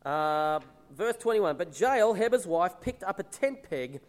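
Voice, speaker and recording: High-voiced man preaching in a hall. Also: expressive, measured pace. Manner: earnest, emphatic preaching with verse readings. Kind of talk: sermon.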